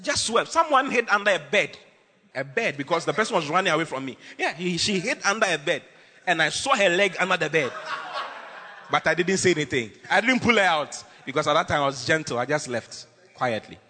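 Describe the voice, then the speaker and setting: A man preaching a lively, humorous sermon as pastor, teasing his congregation with bursts of shouting. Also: fairly high pitch, fairly quick, big-room sound.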